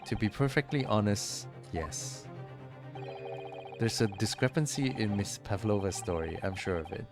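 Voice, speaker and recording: A man's voice: on the low side, unhurried, over music. A man voicing an earnest, hesitant young defense lawyer. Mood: unsure.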